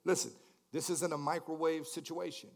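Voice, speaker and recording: Male pastor, bright and slightly high, stammering repetitions, sermon with hushed-to-shouted swings. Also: measured pace. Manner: repetitive stammering restarts, call-and-response questions.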